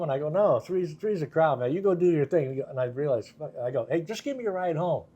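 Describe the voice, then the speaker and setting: An older man, a guitarist, telling anecdotes in a relaxed interview, laughing often and acting out the voices of the people in his stories. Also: fairly high pitch, quick pace, hardly any pauses, breathy edge, highs cut off. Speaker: guest guitarist. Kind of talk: casual storytelling interview.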